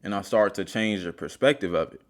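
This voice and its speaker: A deep-voiced man tells a personal story in a motivational monologue, addressing the viewer head-on. Earnest and brisk, he comes across like a self-help host, his low voice steady while he makes his point.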